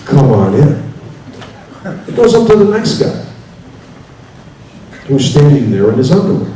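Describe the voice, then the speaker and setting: A man speaking at a conference, telling a joke in a slow, drawn-out way. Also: on the high side, very animated, mellow. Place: large conference hall. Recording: echoey hall from far off, faint hiss.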